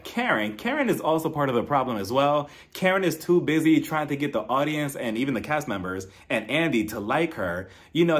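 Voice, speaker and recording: A young man with a mid-range voice talks straight into a close mic, recapping reality TV in a casual, opinionated way. He sounds animated and incredulous, and now and then he slips into mocking impressions of the cast. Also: medium pitch.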